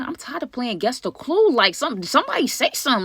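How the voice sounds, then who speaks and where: Fast-talking woman telling a story. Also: high-pitched, breathy edge, no echo, studio quality. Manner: animated slang-heavy storytelling, addresses viewers as y'all. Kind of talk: casual storytime vlog.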